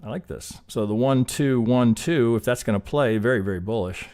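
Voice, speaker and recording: Speaking at a normal speed in a medium-pitched, slightly mellow voice, a man hosts a live trading stream. It's live chart analysis and casual teaching: he talks loosely through counts, swears now and then, and gets worked up.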